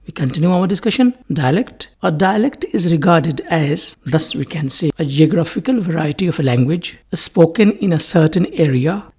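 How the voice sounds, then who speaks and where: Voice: mid-range voice, creaky, husky. A lecturer giving a recorded English lesson, explaining steadily and restating each point as a list of near-synonyms. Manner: steady, explanatory teaching delivery.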